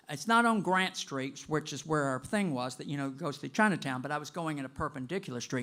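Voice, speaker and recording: Animated man in his late sixties, bright gravelly voice. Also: a little high. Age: 60s. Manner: animated, gossipy, dramatic pauses. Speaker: storyteller. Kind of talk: personal storytelling to a live audience.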